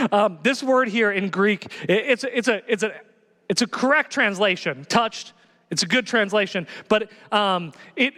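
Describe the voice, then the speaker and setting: A man preaching a sermon as pastor, animated and emphatic, repeating key phrases. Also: high-pitched, in a large hall.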